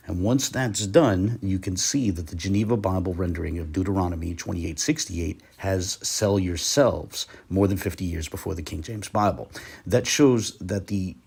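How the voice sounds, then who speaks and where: A man giving a careful, methodical lecture over a shared screen, pausing often with "uh". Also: low voice, gravelly, darkish tone, slightly rough. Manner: careful, methodical, with frequent "uh" pauses. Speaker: Bible language teacher.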